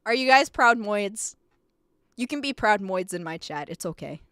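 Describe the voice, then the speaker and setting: A woman streamer giving live reaction commentary, excitable and profane, rambling with frequent laughter. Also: mid-range voice, moderate pace, no echo.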